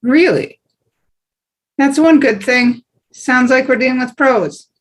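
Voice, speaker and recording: A cocky male FBI agent, her voice pitched a little high. It is a table read done over a video call. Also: slow. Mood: confident.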